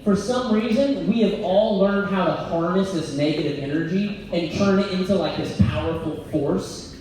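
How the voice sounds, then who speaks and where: A man coaching business owners from a stage, blunt and energetic, laughing at his own jokes. His voice sits high for a man and lands from a distance, swimming in heavy hall echo over a faint room hum. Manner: blunt, energetic, jokey, often laughing mid-sentence. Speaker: business coach giving a motivational talk. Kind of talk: live motivational keynote. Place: event venue before an audience. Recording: very echoey hall, voice picked up from far off.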